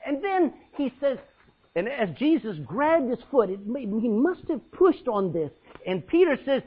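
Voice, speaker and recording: A man's voice: extremely high pitch, normal speed, husky, dull audio. A man preaching a sermon, acting out Bible scenes with laughs and sudden drops to a near-whisper. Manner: animated, acts out Bible scenes with laughs and dramatic drops in volume.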